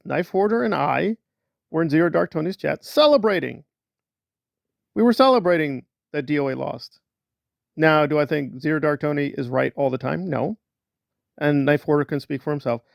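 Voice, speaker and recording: A man's voice: fairly high pitch, expressive, normal speed, gravelly, no room sound, studio quality. A man doing sarcastic, mocking online commentary as a vlogger.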